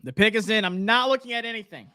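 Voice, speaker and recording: A young man hosting a live sports draft reaction stream, nervous and excited, talking to himself and his viewers. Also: sits high, quick pace, clear, resonant tone. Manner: anxious, excited, talks to himself. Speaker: sports livestream host.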